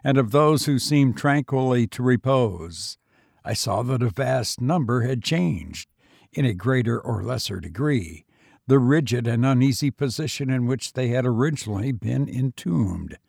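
Man, gothic tale narrator, solemn and measured, husky, dry close sound. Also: mid-range voice, lively intonation, darkish tone, no room sound. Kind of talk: dramatic reading of a gothic tale.

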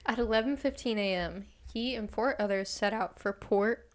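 A woman's voice: on the high side, normal speed. An American woman hosting a casual podcast, reading true crime notes aloud and often laughing at her own slips. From United States. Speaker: podcast host.

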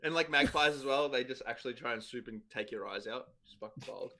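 A man's voice: medium pitch, quick pace, bright, forceful tone. An Australian man in a band, chatting casually as a podcast guest, laughing often and swearing freely. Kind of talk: casual chat.

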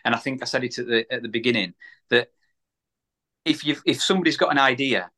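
A man's voice: medium pitch, quick pace, pushed and bright. A man from the UK, a small business owner, telling a story in a casual podcast chat, repeating words and acting out the voices of people he quotes.

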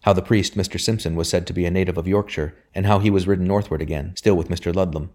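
A man's voice: sits low, fairly even intonation, fast talker, darkish tone. A man narrating a historical novel as an audiobook, reading steadily. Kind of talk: scripted narration.

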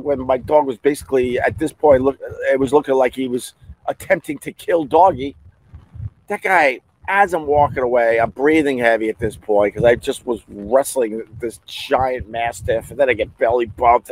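A man hosting a podcast, casually telling a heated personal story with loud outbursts. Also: medium pitch, low-quality recording. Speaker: podcast host.

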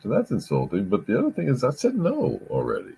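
A man's voice: lowish voice, wildly swooping pitch, fairly quick, gravelly, dark tone, husky. A man chatting casually on a podcast, rambling through a story, repeating himself and swearing. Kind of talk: casual chat.

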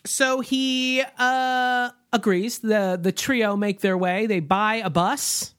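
A man's voice: high-pitched, steady tone, slow, fairly bright tone, clean tone, no room sound, clean studio sound. A man co-hosting a podcast, recapping a film in a rambling, joking way with lots of ums. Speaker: podcast co-host.

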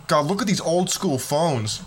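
Brief: young male host, casual slangy commentary, a touch high, faint room hiss. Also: animated, unhurried. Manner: laid-back, slangy, joking. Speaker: reaction video host.

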